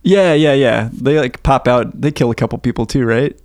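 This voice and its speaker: A man's voice: medium pitch, moderate pace, background noise. A man co-hosting a podcast, chatting casually about a movie in a laid-back way, with lots of filler words. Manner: laid-back, leans on filler "like", laughs often. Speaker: podcast co-host.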